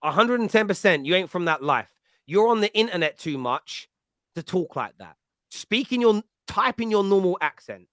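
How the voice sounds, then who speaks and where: Male host, East London accent, slightly high voice, lively chat with laughs and restarts. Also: normal speed, no room sound, studio quality. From East London, England. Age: adult with a school-age child. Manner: animated, chatty, laughs often, frequent restarts. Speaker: fan podcast host. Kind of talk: casual chat, answering live chat comments.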